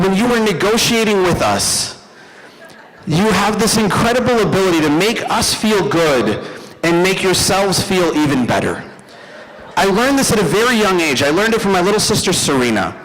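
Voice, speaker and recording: A young man doing a stand-up comedy set, telling animated stories and talking to the crowd. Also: sits high, moderate pace. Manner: animated storytelling, addresses the crowd. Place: event hall stage. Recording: live hall with long reverb.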